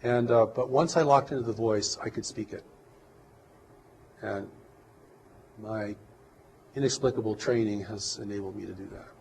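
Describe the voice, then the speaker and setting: A man giving an interview as a guest, talking in a calm, reflective and earnest way. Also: lowish voice, moderate pace, creaky, pauses often, slight background noise, low-quality recording. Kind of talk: interview talk.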